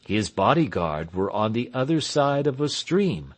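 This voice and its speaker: Male narrator as a grave village pastor, measured and slow. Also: medium pitch, sing-song.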